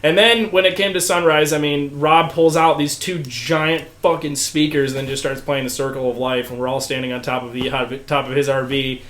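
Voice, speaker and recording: Young man, podcast guest, wild storytelling, cursing, slightly high voice, echoey room. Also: normal speed, hardly any pauses. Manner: animated, swears freely, acts out voices in the story. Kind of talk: casual storytelling.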